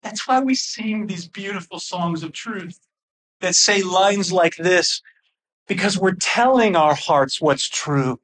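A man preaching a sermon with fervent, excited intensity that sounds almost angry. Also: high-pitched, slow, a little hiss or hum. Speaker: pastor.

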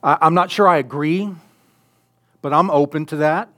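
A man preaching a sermon in an earnest way, building up loudly on key phrases. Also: on the high side, normal speed. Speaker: pastor.

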